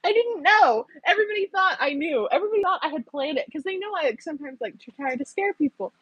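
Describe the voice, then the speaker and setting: A woman's voice: high voice, animated, quick pace, fairly bright tone, dry recording, dull audio. A young woman hosting a casual stream, telling stories and laughing often. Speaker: streamer host. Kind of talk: casual chat. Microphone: earbuds.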